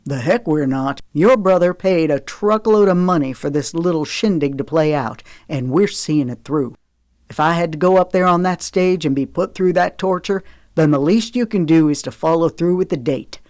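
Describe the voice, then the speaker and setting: A woman voicing a cocky young man who teases in a low, drawling way in an audiobook. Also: moderate pace, a little mellow, no room sound, studio quality, close to an everyday voice. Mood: stubborn.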